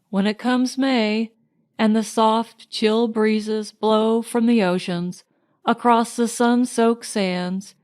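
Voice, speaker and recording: Slow, lyrical woman audiobook narrator. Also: medium pitch, a little mellow. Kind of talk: scripted narration.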